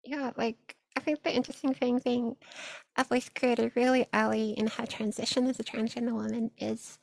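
A young woman, an audio content creator appearing as a guest, answers interview questions casually and upbeat, laughing often and saying "like" a lot. Her voice is fairly high with a level tone, moderate pace and vocal fry, and the recording is rough with no room sound.

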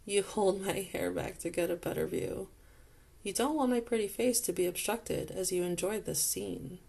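A woman narrating an intimate second-person audio role-play in a soft, slow, close manner. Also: mid-range voice, gravelly, breathy edge.

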